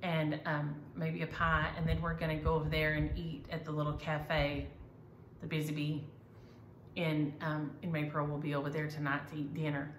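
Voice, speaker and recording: A needlework vlogger, middle-aged and female, chats casually and with enthusiasm about her work at a moderate pace. Her voice sits low, with a level tone. The room is echoey, with faint ambient noise.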